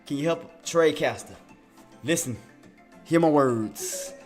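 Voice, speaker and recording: Guy doing a hushed mystic stock whisper, whispered role-play, soft low chanting. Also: expressive, fast talker, faint music behind, close to an everyday voice. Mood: coaxing.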